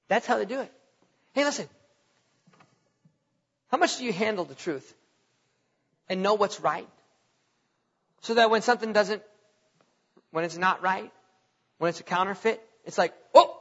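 A man preaching a sermon in a lively, animated way, laughing at his own stories and reading scripture aloud. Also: very high voice, moderate pace, long pauses, muffled recording. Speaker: pastor.

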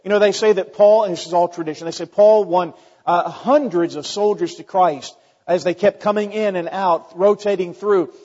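A man preaching a sermon, his voice pitched a little above the usual for a man. He talks conversationally, firing off rhetorical questions and often stumbling and restarting his words. The sound is slightly muffled, with a long reverb trailing behind it. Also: a little mellow. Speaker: pastor.

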